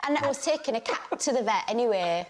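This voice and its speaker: A woman comedian telling an odd anecdote on a panel show in a deadpan, matter-of-fact way. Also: a little high, fast. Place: TV studio with live audience. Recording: loud background noise.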